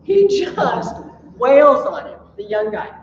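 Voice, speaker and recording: A woman teacher giving a classroom lecture, telling stories with lively animation and laughing at her own tales. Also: a little high, slow, muffled recording, slight background noise. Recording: echoey classroom from a distant mic.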